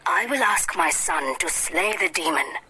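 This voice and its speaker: A woman reading the lines of a calm, reassuring royal mother in a storybook, measured and steady. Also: fairly low pitch, husky, full character voice, rough recording.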